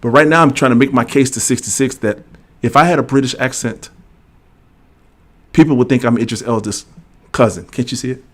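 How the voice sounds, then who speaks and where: Brief: middle-aged male livestream host, mid-pitched, casual and talkative, reads rules aloud. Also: fairly quick, pauses often. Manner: casual and talkative, reads legal text aloud, jokes with the chat. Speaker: host of a veterans' benefits livestream. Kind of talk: livestream explainer reading regulations and chatting with viewers.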